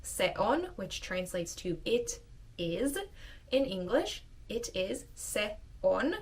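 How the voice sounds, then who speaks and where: A woman's voice: mid-range voice, big pitch swings, recorded from a distance. A woman teaching a casual video lesson, repeating short phrases patiently. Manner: slow, repeats phrases over and over. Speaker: language teacher.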